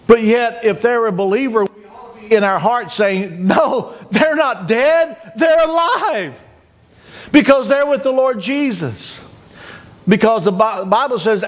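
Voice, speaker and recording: A man's voice: high voice, moderate pace. A male pastor preaching a communion sermon, retelling scenes dramatically and acting out joyful cries. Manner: dramatic, acts out shouted cries.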